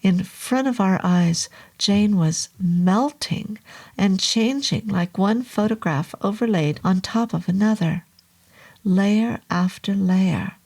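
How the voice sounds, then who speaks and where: A woman narrating a horror novel in a slow, low, hushed delivery, at times dropping to a whisper. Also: vocal fry.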